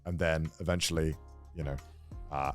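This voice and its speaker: This is a man with a very low voice, chatting casually as a podcast co-host. He rambles through a story recap, using lots of fillers and correcting himself as he goes. Faint music plays in the background. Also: fairly even intonation, normal speed. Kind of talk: casual chat.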